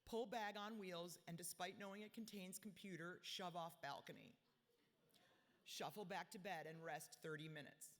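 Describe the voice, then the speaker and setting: A woman's voice: lowish voice, moderate pace. A woman in her forties giving a speech at a gala in a large hotel ballroom, blunt and self-mocking. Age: 40s. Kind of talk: reading a personal diary-style speech. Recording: reverberant ballroom, long echo.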